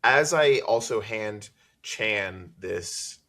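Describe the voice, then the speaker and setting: A man's voice: on the low side, animated, extremely slow, pushed and bright. A man playing a tabletop game, hesitant and full of fillers as he works out his turn. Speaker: player.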